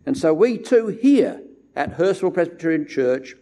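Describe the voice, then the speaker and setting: A man preaching a sermon in church, with a measured delivery that leans hard on key words. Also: on the high side, very animated, mellow.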